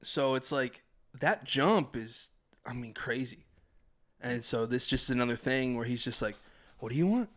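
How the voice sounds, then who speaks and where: A man's voice: medium pitch, fairly even intonation, measured pace, a bit bright. A young man, a podcast host, telling a story in casual chat, laughing and acting out his family's voices.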